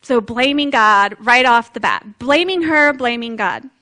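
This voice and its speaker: A woman's voice: on the high side, lively intonation, measured pace, bright, forceful tone. A woman preacher giving a sermon in a conversational, reflective way, with light laughs.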